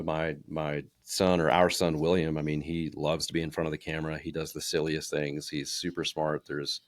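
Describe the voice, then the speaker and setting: Man, 30s, podcast co-host, low voice, casual chat, rambling with fillers, dry room. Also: no room sound. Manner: chatty, many fillers and restarts, acts out quotes. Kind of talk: casual podcast chat about personal branding.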